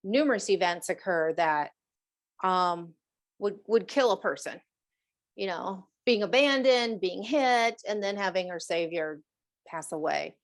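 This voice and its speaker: A woman's voice: mid-range voice, measured pace. A middle-aged woman hosting a show about animal messages, talking casually, laughing often and slipping into playful voices. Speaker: animal communicator host. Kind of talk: casual chat.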